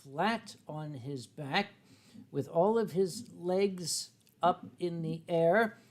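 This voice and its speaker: A man's voice: fairly high pitch, slow pace. A man hosting a livestream, chatting playfully and rambling with lots of fillers while he draws viewer requests. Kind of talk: casual rambling chat while drawing.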